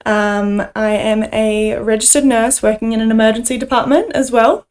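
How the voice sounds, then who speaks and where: A young woman in her twenties chats on a podcast with a dry, teasing edge. Her voice sits a little higher than most women's. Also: normal speed, a little mellow. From Australia. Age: 20s. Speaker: podcast co-host, nurse. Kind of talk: casual chat.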